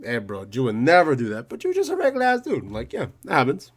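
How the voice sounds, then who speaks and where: A man's voice: mid-range voice, wildly swooping pitch, fast talker. A young man hosting a let's play, reading a visual novel aloud with profane, rambling, joking asides, slightly out of breath. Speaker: gaming video host.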